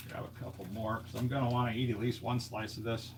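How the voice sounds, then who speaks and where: A man chatting casually on a live stream while fixing a snack in his home kitchen, thinking out loud as he works. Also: medium pitch, little pitch movement, fast talker, noisy background.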